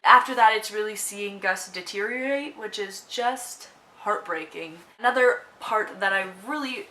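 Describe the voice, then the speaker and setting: Young female book vlogger, bright and emotional, on the edge of tears, rambling with fillers. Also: medium pitch, a little hiss or hum, low-quality recording. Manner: emotional, gushing, many fillers and restarts. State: tearful, on the verge of crying. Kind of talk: casual movie review vlog.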